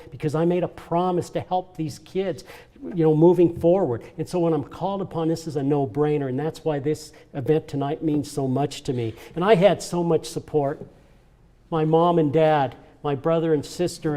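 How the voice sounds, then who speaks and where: Speaking as a charity event's honoree, an older man uses a fairly high, mellow voice for a heartfelt personal speech. His storytelling is earnest and emotional, with repeated phrases.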